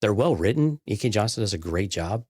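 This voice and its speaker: A man's voice: lowish voice, animated, fairly quick, darkish tone, slightly rough, no room sound. A man co-hosting a podcast in casual chat, easygoing and reflective. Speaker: podcast co-host.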